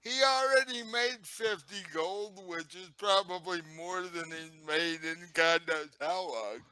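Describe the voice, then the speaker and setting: Slow, bright-voiced male player. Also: sits high, smooth, no room sound, poor audio. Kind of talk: casual tabletop play.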